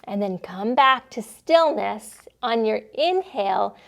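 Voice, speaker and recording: A young woman gently guiding children through a yoga class, playful and encouraging, sometimes making animal sounds. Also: medium pitch, expressive, slow, vocal fry. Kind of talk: guided kids' yoga instruction.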